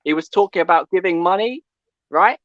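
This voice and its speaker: A male caller ranting about football, loud and animated, who keeps asking "yeah?" between points. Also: high-pitched, fairly quick, no room sound, highs cut off. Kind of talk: call-in football rant.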